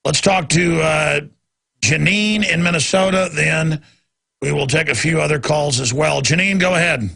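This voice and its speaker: A man's voice: fairly high pitch, moderate pace, gravelly, pushed and bright, husky, no echo. A man hosting a talk radio show, rambling and emphatic, often repeating himself. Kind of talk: unscripted talk radio monologue.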